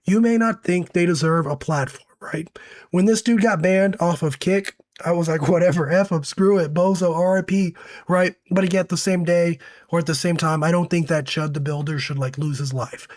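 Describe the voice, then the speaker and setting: A man talking casually to his viewers in a commentary, his voice hoarse as he gets over an illness. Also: fairly high pitch, normal speed, dry recording. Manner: conversational, uses fillers like "right?". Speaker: commentary host.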